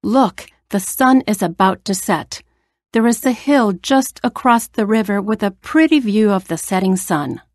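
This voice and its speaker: A woman's voice: mid-range voice, lively intonation, a little slow, dry recording, clean studio sound, lightly acted. A woman doing a proud storybook lion king.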